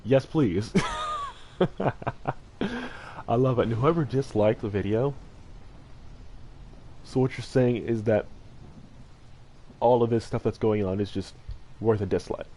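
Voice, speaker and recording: A man's voice: fairly low pitch, steady tone, normal speed, pauses often, dark tone, rough recording. A man streaming a game and chatting casually, earnest and heartfelt, rambling with lots of fillers and restarts. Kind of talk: casual livestream chat while gaming.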